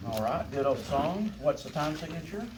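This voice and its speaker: Against some background noise, a man with a fairly high, animated voice gives a congregational singing lesson at a moderate pace. He teaches song leading in a folksy, supportive way, often checking understanding with "right?" and "okay?".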